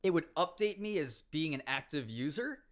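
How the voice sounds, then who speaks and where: A man in his twenties casually telling stories about competitive gaming, animated, laughing often and acting out quotes. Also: on the high side, moderate pace. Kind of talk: casual storytelling chat.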